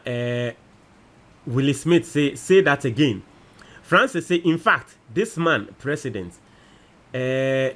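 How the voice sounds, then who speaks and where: A man with a Ghanaian accent, hosting a casual commentary show and reading out viewer comments, animated and mixing in local phrases. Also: a little high. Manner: animated, switches between Twi and English.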